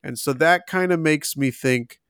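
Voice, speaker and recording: A young man co-hosting a casual trivia contest, reading questions aloud and thinking out loud between laughs. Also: a little high, measured pace, smooth, dry recording, clean studio sound.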